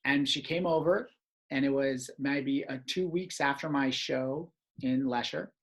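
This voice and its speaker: Animated man telling stories. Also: mid-range voice, unhurried. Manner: animated, laughs often. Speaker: podcast host. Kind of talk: casual storytelling chat.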